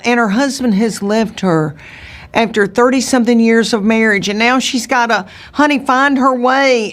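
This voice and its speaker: A woman's voice: fairly high pitch, a bit bright. A woman in her fifties with a Southern East Tennessee accent, telling stories in a folksy, drawling interview manner and calling the listener honey. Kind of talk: casual interview storytelling.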